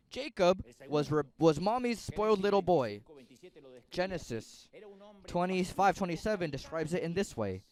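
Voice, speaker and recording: A male pastor preaching a sermon as an animated storyteller who jokes with the congregation. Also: sits high, moderate pace.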